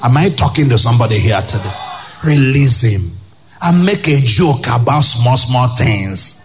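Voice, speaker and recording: A male pastor with a Nigerian English accent preaching a sermon to a congregation, emphatic, with loud rhetorical questions and pidgin asides. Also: medium pitch, lively intonation, normal speed, faint music behind.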